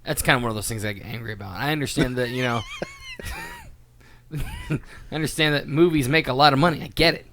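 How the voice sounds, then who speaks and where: A man's voice: medium pitch, huge pitch swings, fast, pauses often, a bit bright, a little hiss or hum. An American man co-hosting a podcast, chatting casually and joking with a lot of laughter. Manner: jokey, laughs often. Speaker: podcast co-host and part owner. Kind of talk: casual chat.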